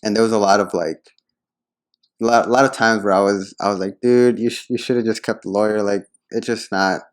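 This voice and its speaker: A man's voice: lowish voice, fairly even intonation, brisk. A man telling a story in casual podcast chat, hesitant and full of fillers.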